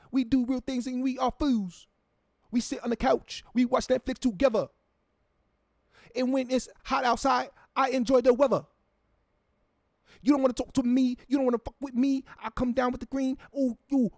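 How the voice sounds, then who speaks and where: A man's voice: very high voice, gravelly, a little mellow, no echo, clean studio sound, pitched above the performer's own voice, full character voice. A man putting on a mock London accent to play a boastful young male rapper, spitting exaggerated, cartoonish bars.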